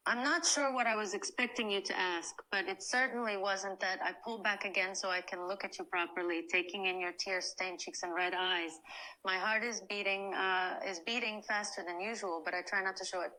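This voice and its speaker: A woman voicing a cold, proud woman who softly comforts a crying friend in a first-person comfort role-play. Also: mid-range voice, natural voice, rough recording. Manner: soft, slow, soothing.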